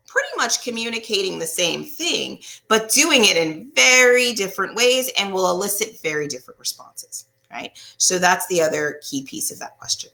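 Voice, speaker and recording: A woman couples therapist explaining in a casual, animated way, often asking "right?" and acting out what people say. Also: medium pitch, normal speed, gravelly, few pauses. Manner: animated, acts out quotes, often asks "right?".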